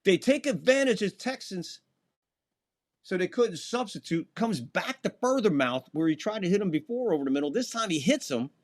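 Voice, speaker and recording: Here a chatty man does live fan play-by-play of a football game in a high, animated voice at moderate speed. He hosts casually, talks to chat between plays, and gets louder and higher on big moments.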